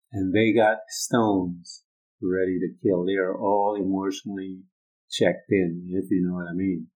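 Emphatic lower-voiced male preacher. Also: rough recording. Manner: emphatic, repeats phrases, shifts between loud urging and low quiet stretches. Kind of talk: sermon.

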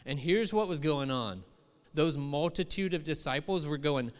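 A man's voice: a little high, lively intonation, moderate pace, clear, resonant tone. A middle-aged man preaching a sermon as pastor, in a conversational manner that rises into emphatic quoted voices. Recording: long hall reverb.

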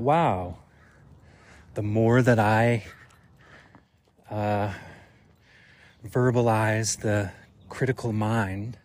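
A man thinks aloud as he walks outdoors, with an unhurried, drawn-out delivery. His pitch sits in an ordinary middle range, and his reflective solo talk is loose and full of small fillers. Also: darkish tone. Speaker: podcast host. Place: outdoors on a walk.

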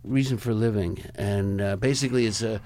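Older man with a gravelly voice telling stories. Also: on the low side, steady tone, fairly quick, dark tone. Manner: rambling, chuckling, acts out other people's lines. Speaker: rock photographer, interview guest. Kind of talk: anecdotal storytelling in a conversation.

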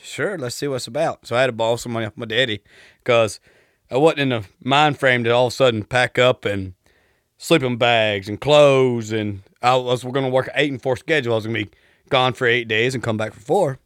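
His mid-range voice is fairly quick, a bit bright, clear, and resonant, recorded at studio quality without room sound. He's a thirtysomething Texan with a Southern drawl, sharing casual stories as a polite, relaxed podcast guest.

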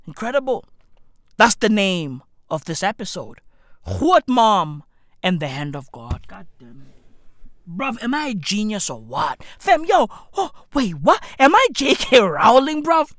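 A comedic host ranting profanely, with slang and repeated "bruv", swinging between shouting and muttering. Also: mid-range voice, no room sound, clean studio sound. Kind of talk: comedic rant.

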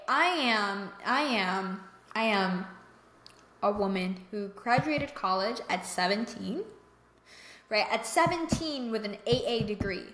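A woman's voice: medium pitch, a bit bright. A young adult woman hosting a faith-based mental health podcast, talking emphatically and earnestly and often checking in with the listener. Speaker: podcast host. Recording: echoey room.

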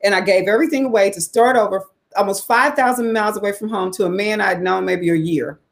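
A woman in her forties from the South, telling her personal story in a candid, expressive way, swearing freely and letting her voice climb high for emphasis. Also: fast, gravelly. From Southern United States. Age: 40s.

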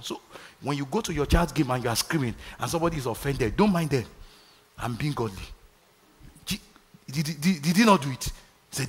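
A man's voice: medium pitch, animated, a little fast, husky, big-room sound. A Nigerian man preaching a sermon, calling out to his congregation for responses. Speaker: pastor. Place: large church hall.

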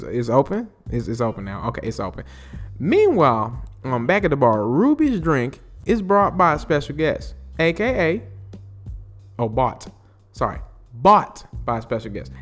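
Brief: male podcast host, mid-pitched, swooping expressive delivery, rambly and profane, faint music underneath. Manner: profane, rambling, frequent fillers and restarts. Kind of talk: casual TV recap. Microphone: podcast mic.

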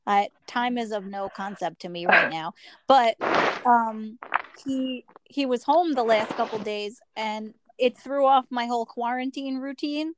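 A woman's voice: on the high side, measured pace, slight background noise. A woman hairstylist in casual chat, telling rambling stories and acting out what people said. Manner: rambling storyteller, acts out quotes.

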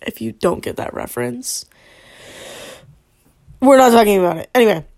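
A young woman vlogging a casual, rambling review of a TV show, excitable and quick to interrupt herself, with the odd swear. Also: medium pitch.

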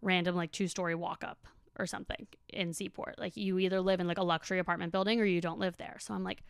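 A woman's voice: fairly low pitch, steady tone, quick pace, vocal fry, few pauses, clean tone, no room sound, studio quality. A young woman hosting a podcast, telling a story in a chatty, casual way with lots of fillers and swearing. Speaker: podcast host. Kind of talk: casual monologue.

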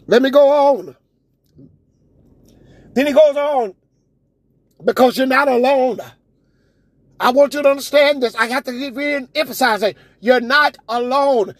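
A woman preacher delivering a sermon, shouting with call-and-response to the congregation. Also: high-pitched, a little slow, no echo.

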